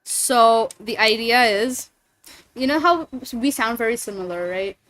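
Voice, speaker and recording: A woman's voice: a little high, measured pace, a bit bright. A woman streamer chatting casually and rambling, swearing freely between thoughts. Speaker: streamer and voice actor. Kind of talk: casual livestream chat.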